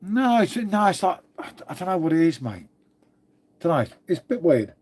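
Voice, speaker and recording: Chatty London-area bloke with a cold. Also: male voice, sits high, sing-song, normal speed, darkish tone, husky. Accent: London-area English. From England (Old Windsor, Berkshire). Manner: chatty, swears freely, calls everyone mate. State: congested with a cold. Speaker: livestream host. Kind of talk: casual chat reading live comments.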